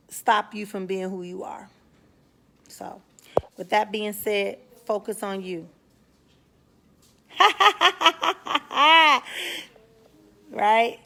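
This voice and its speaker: Frank, slangy woman hosting a live talk. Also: fairly high pitch. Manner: frank, slangy, greets viewers by name mid-sentence. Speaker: spiritual talk show host. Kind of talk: casual live-stream talk to viewers.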